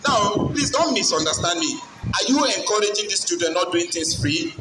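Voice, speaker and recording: A man's voice: high-pitched, lively intonation, moderate pace, noisy background. A man with a Nigerian accent giving a motivational talk to school pupils, posing questions for the room to answer in a sing-song way. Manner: call-and-response questioning, sing-song emphasis. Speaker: guest speaker at a school event. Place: school hall. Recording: echoey hall, distant mic, music and crowd behind.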